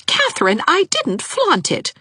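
A woman's voice: high voice, wildly swooping pitch, a little slow, bright, forceful tone, no room sound, studio quality, pitched above the performer's own voice, full character voice. A woman reader voicing an earnest, eager young woman teacher who speaks imploringly, in an audiobook. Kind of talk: audiobook character voice.

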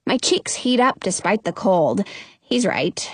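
A woman narrating a first-person children's story aloud, expressive and quick to burst into excited exclamations. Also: mid-range voice, dry recording. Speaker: audiobook narrator.

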